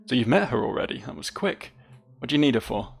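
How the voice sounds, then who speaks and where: A man with a gravelly voice voicing a young nobleman's son in a video game, an anxious, brooding character, read in an earnest, dramatic way with high lifts. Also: very animated, fast talker, exaggerated voice.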